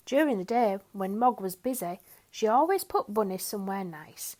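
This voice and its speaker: Reading a children's picture book aloud at a moderate pace, this woman uses a medium pitch and an expressive, sing-song storytelling style.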